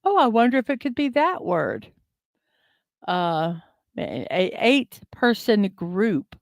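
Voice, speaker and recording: Very animated yet slow, this woman's mid-range voice leads a casual daily morning livestream where she thinks aloud through a word puzzle. Ums and uhs come often as she reads viewer comments aloud, and the desk mic produces clean studio sound with no room noise.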